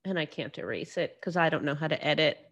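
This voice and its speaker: एक युवा महिला होस्ट, जो अकेले बैठकर अपने पॉडकास्ट पर बिखरी-बिखरी बातें करती है, बार-बार वाक्य अधूरे छोड़कर फिर से शुरू करती है और खुद पर ही हँसती है।. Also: female voice, deep voice, animated, fast talker. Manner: rambling, self-deprecating, many restarts. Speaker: podcast host. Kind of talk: casual solo monologue.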